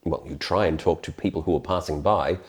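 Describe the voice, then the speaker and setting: Host, man, extremely low and mellow, short interjections. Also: fairly quick, slightly rough. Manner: chimes in briefly, explains terms. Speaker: podcast host. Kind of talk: casual conversation.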